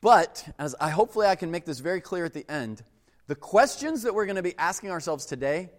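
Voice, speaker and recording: Male pastor, slightly high voice, casual sermon delivery, long church-hall reverb. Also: animated, a little fast. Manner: conversational, acts out quoted voices.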